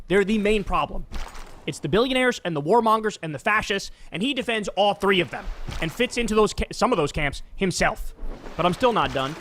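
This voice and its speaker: A man's voice: sits high, a bit bright, slight background noise. A man streaming political commentary, reacting to a clip with heated, scornful ranting.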